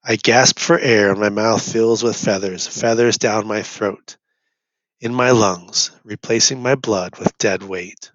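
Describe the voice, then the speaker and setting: A man's voice: lowish voice, steady tone, a little slow, a bit bright, dry recording. Man reading aloud, dull dry recording. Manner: first-person narration, rising to urgent cries. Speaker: reader. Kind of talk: audiobook reading.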